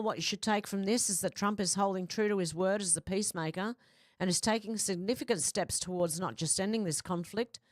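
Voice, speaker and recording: A woman's voice: lowish voice, no echo, clean studio sound. A blunt, chatty woman hosting a livestream, reading out viewer comments and swearing freely. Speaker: host.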